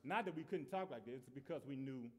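A man's voice: mid-range voice, animated, fast talker. A man preaching a sermon in a conversational way, repeating and restarting phrases.

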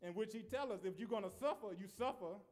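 A man's voice: sits high, quick pace, darkish tone. A man preaching a sermon in a conversational way, repeating and restarting phrases.

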